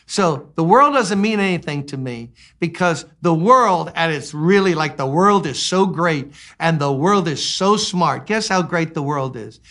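A man in his sixties preaching a sermon, animated, swinging between loud exclamations and quiet asides. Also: a little high, unhurried, hardly any pauses. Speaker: pastor.

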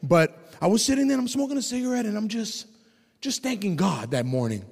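Animated preacher man, echoey hall. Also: high-pitched, fairly quick, creaky, husky. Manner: animated storytelling, shouting at peaks. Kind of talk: testimony sermon.

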